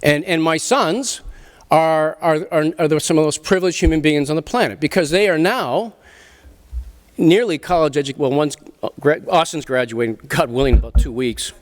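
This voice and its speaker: A middle-aged man, speaking to a literary festival audience in an animated, emphatic way, often restarting his sentences and swearing casually. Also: on the high side, normal speed. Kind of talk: animated talk and Q&A. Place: festival venue before an audience.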